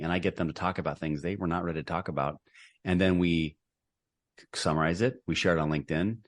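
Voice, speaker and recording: Brief: middle-aged man, low voice, earnest podcast guest who rambles and restarts a lot. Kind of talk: casual interview conversation.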